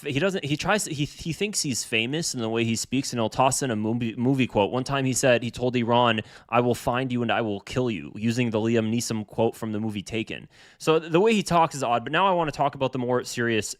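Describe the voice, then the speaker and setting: Heated male political commentator. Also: mid-range voice. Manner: heated, repeats himself, restarts sentences. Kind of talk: opinionated commentary on a clip.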